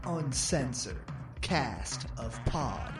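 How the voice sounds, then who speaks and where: A man putting on a slow, drawn-out mock-formal announcer voice for a podcast intro. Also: mid-range voice, animated. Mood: mock-grand. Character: slow mock-grand male show announcer. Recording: echoey, distant with music.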